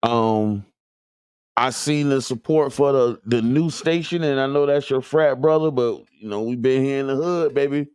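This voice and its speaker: A man's voice: medium pitch, moderate pace, darkish tone, smooth, no echo, studio quality. A man from the Tampa Bay area, hosting a community radio show in loose, joking chat aimed straight at listeners. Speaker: radio host. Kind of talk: casual talk radio chat.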